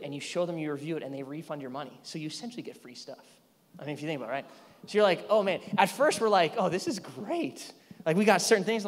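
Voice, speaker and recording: A man in his thirties preaching a sermon as pastor, animated and self-deprecating, acting out what people say. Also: high voice, in a large hall. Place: church sanctuary.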